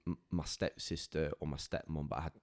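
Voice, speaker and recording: A man's voice: a bass voice, fairly even intonation, brisk. A man, a podcast guest telling a personal story in an earnest, heartfelt way, often stopping and restarting his sentences.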